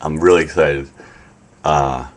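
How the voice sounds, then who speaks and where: A man's voice: rumbling low, fairly even intonation, measured pace. A man hosting a casual live stream from his room, rambling with lots of fillers and a wry tone. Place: apartment in Tokyo.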